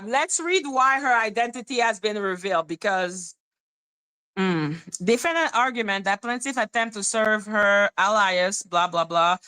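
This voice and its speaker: During a casual livestream, a woman reads court documents aloud, muttering while she reads and chatting back and forth with viewers. Her voice runs on the high side and sounds pushed and bright.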